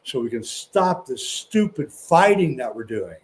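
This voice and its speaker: A man's voice: medium pitch, big pitch swings, measured pace. Earnest man telling a story. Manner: earnest, with restarts and stumbles. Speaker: podcast guest. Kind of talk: casual storytelling.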